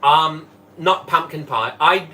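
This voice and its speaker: Cooking live in his home kitchen, a livestream host and ex-Tupperware manager chats and greets viewers by name. His fairly high, bright voice is forceful and slow-paced, and it's captured from a distance away from the mic.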